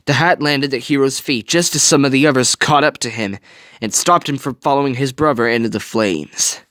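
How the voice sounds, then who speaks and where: A man reading a fan story aloud with dramatic, expressive narration. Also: mid-range voice, normal speed, dry recording, studio quality. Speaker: reader.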